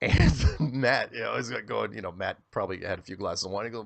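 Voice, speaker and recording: A man telling a long story as an interview guest, rambling and animated, often repeating words as he starts a sentence. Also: fairly low pitch, brisk, vocal fry.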